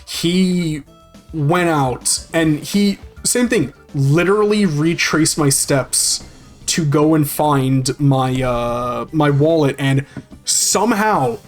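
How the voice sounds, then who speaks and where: Streamer, male, somewhat high-pitched, rambling and cursing through a story over faint game music. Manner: rambling and profane, many restarts and fillers. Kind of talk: casual storytelling over gameplay.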